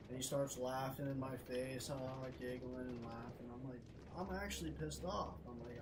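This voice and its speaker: A man's voice: mid-range voice, moderate pace, hardly any pauses, background noise. A young man streaming a game, telling a frustrated story in a casual, swear-heavy rant. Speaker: gaming streamer. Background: background music.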